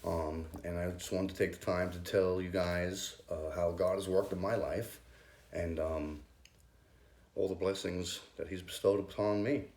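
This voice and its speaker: Deep gravelly guy, nervous church testimony, lots of ums, echoey room. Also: fairly even intonation, a little mellow. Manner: hesitant, halting, many ums. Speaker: youth group leader. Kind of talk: personal faith testimony.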